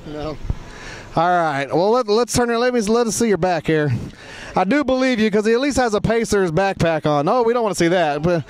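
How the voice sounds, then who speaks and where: A man's voice: sits high, expressive, fairly quick, clear, resonant tone. A man reporting from an outdoor football training camp, chatting and joking with fans in a teasing, playful way. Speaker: sideline reporter. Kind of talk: casual field interview.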